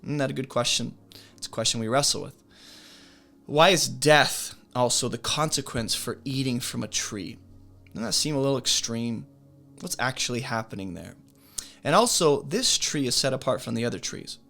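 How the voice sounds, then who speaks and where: A man's voice: medium pitch, animated, normal speed, gravelly, pushed and bright, faint music behind. Man teaching Bible study through questions. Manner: posing question after question.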